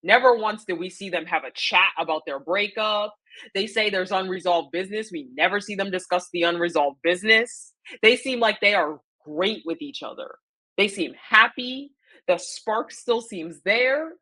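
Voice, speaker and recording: A woman's voice: mid-range voice, normal speed, bright, forceful tone. A woman recapping a reality show in casual chat, opinionated and emphatic, repeating her points and using slang and fillers. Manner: chatty, with frequent fillers and slang.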